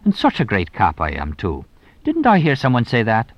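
A man's voice: fairly low pitch, wildly swooping pitch, moderate pace, no room sound, dull audio. A man voicing a shrewd, teasing police inspector who probes with dry, mock-innocent questions. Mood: sly.

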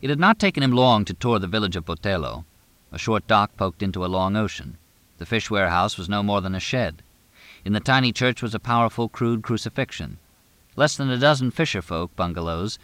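A man reading a novel aloud as narrator, measured and even. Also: fairly low pitch, no echo. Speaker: audiobook narrator. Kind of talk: scripted narration.

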